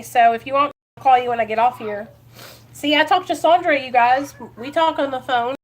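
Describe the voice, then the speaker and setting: A woman's voice: high-pitched, moderate pace. A woman from Ohio talking on a live recovery vlog, earnest and encouraging, speaking straight to her viewers and greeting them by name. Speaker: recovery vlogger. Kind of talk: casual live-stream chat.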